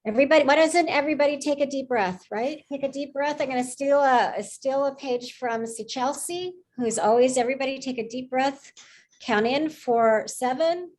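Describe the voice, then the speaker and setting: A woman moderating a panel on a video call, speaking in a slow, soothing, reassuring way. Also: high voice, a little mellow. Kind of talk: calming guidance.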